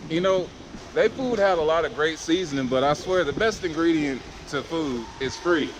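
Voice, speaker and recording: A man's voice: a little high, moderate pace, noisy background. A young man vlogging casually, joking and swearing as he talks. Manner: profane, joking, laughs often. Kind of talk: casual vlog chat. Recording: loud music behind. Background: loud music.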